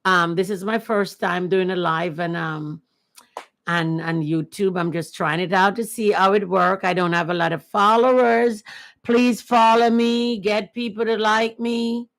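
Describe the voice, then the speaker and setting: A woman's voice: medium pitch, steady tone, measured pace. A woman chatting casually and earnestly on her first livestream, repeating herself often. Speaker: livestream host.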